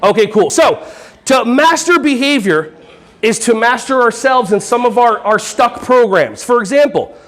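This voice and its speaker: High-voiced joking man presenter. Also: lively intonation, moderate pace. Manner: playful, joking, quizzes the audience. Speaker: conference presenter. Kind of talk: energetic workshop talk to a live audience.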